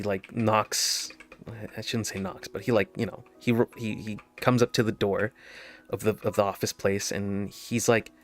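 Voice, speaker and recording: A man's voice: fairly low pitch, a bit bright. Chatty man who laughs a lot. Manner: laughs often, many restarts and asides. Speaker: gamer telling a story. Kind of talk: casual storytelling over gameplay.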